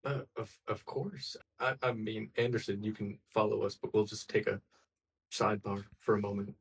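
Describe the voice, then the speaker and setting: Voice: medium pitch, level tone, moderate pace, slight background noise. Laid-back player, distant from mic. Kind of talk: casual play.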